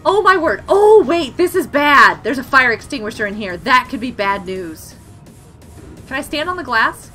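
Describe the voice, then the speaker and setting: A young woman streaming gameplay, excitable and giggly as she exclaims over what she finds. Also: high-pitched, normal speed. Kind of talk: live gameplay commentary. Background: game music.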